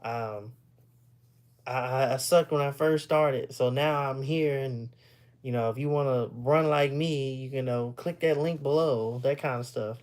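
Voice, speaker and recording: A man's voice: mid-range voice, measured pace, darkish tone. A man from Texas, chatting casually with viewers on a live stream, rambling and repeating words as he talks. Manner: loose and rambling, repeats words, laughs often.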